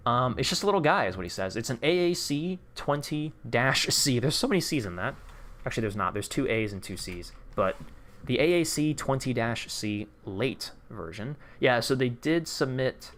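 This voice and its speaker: A young man hosting a live stream, chatting casually and getting excited as he reacts to what he sees. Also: mid-range voice, slight background noise. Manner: excitable, chatty, reads chat aloud. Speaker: livestream host. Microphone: desk microphone.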